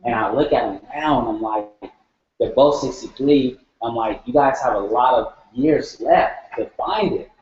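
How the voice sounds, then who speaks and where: A man's voice: medium pitch, a little slow, a little mellow. Earnest man sharing in an echoey room. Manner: earnest, searching, repeats words. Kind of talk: heartfelt group sharing. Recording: echoey room, dull sound.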